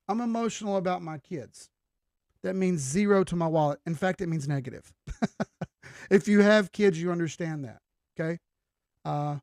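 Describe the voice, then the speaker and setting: A man's voice: on the high side, a little mellow, dry recording, clean studio sound. A young man hosting a crypto trading livestream, giving an emphatic, preachy, blunt pep talk with casual swearing.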